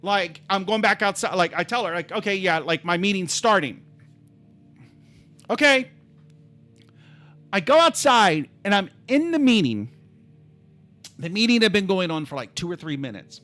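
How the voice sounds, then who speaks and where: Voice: medium pitch, very animated, normal speed, long pauses, fairly bright tone, faint music behind. A livestreamer telling a rambling, heated story in casual chat, swearing freely and talking over their own restarts.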